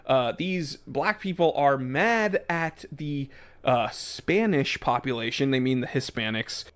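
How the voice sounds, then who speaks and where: Yelling, crude ranting man. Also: medium pitch. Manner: loud, yelling bits, crude joking. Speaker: video commentator. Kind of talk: ranting monologue.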